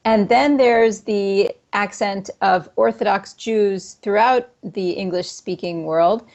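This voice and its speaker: A woman's voice: medium pitch, slow, a little mellow, dull audio. A woman, a professor, explaining linguistic points in an interview in a precise way, with occasional ums.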